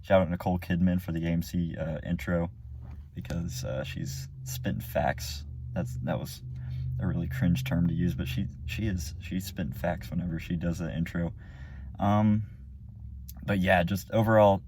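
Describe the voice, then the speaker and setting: A man's voice: low voice, a little mellow, slight background noise. A man giving a casual, rambling spoken movie review, full of fillers and restarts. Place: car or room after the movie.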